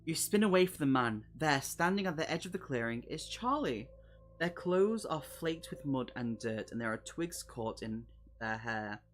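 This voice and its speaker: A man's voice: medium pitch, lively intonation, normal speed, soft background music. A man streaming a live playthrough, reading a horror gamebook aloud and chatting jokily with his viewers between passages. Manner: chatty, jokey, talks to chat between passages. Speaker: streamer host.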